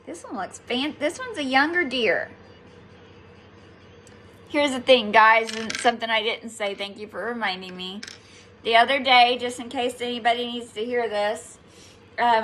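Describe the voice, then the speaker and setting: A woman with a slightly high, somewhat bright voice gives her viewers a casual, playful tarot reading. She chats, laughs often and swears lightly, with a little hiss or hum in the audio.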